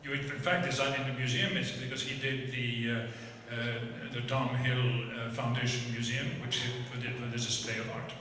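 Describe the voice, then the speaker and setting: A man with a bright, forceful voice leads a conversation on stage, choosing his words slowly with frequent hesitations. He sounds far from the microphone, in a big hall with long reverb. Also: medium pitch, level tone. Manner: halting and measured, many hesitant fillers. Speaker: moderator of the conversation. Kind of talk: unscripted panel conversation. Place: large event hall with a live audience. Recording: roomy hall echo, distant, faint hiss.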